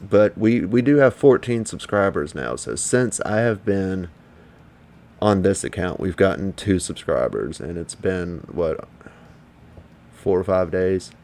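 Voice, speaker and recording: A man's voice: deep voice, expressive, measured pace, a little mellow, a little hiss or hum. A man, streaming from home, rambles and swears as he chats casually with viewers. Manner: rambling, profane, talks back to viewers. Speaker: livestreamer. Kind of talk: casual livestream chat.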